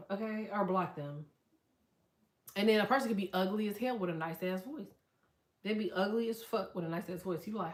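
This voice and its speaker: A woman hosting a casual livestream, telling stories in a loud, profane, animated way and reading out chat comments. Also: medium pitch, a little fast, roomy sound. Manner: profane, animated storytelling with quoted voices.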